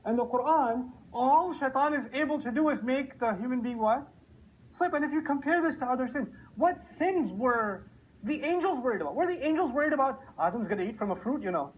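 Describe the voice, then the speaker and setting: A man giving a lecture on scripture, telling a story with lively rhetorical questions and acted-out quotes. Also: very high-pitched, fairly quick, breathy edge, poor audio. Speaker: preacher. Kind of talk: Quran commentary lecture. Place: lecture hall.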